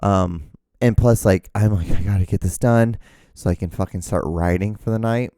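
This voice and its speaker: A man hosting his own podcast, rambling excitedly about gear with lots of fillers and restarts, out of breath. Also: lowish voice, moderate pace, no room sound, clean studio sound. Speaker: host. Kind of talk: casual solo podcast rambling. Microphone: camera mic, speaking to camera.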